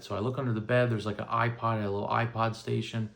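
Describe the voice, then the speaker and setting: A man's voice: fairly low pitch, little pitch movement, fast, vocal fry, fairly bright tone. A man in his thirties casually telling a first-person story, rambling with lots of "you know" and "right?". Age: 30s. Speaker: vlogger recounting paranormal experiences.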